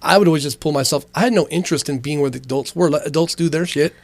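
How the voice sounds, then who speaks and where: Fast-talking man hosting a podcast. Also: fairly high pitch, dry recording. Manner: fast, loose and profane. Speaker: podcast host. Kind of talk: casual chat.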